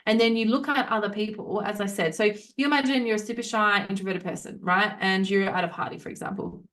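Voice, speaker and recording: A woman's voice: mid-range voice, fast talker. Woman, young adult, podcast host, frank, casual swearing, motivational chat. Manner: frank, animated, swears freely, acts out inner voices. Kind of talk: solo motivational podcast talk.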